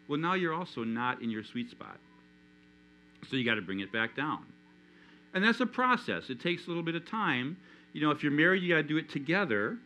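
A man preaching a sermon in a church, animated, acting out the inner voices of his listeners. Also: a little high, a little hiss or hum, rough recording. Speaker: pastor.

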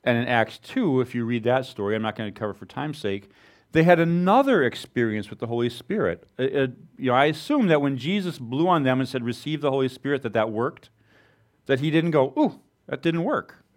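A man preaching a sermon to his congregation in a relaxed, conversational way, with informal asides and self-deprecating humor. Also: medium pitch, a little fast. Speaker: pastor.

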